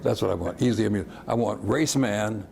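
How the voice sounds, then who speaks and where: A man's voice: lowish voice, moderate pace, creaky, a little mellow, slight background noise. An older man, a civil rights veteran, describing old photos fondly, often chuckling and trailing off. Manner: chuckling, fond, rambling. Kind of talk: reminiscing talk.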